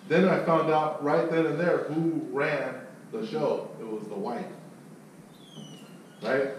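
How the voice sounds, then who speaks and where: Here a man with a slightly high voice speaks slowly while recounting a sales story and coaching listeners. He's a profane, lively storyteller who voices each character. Echo fills the room, the mic sits far off, and a little noise comes through.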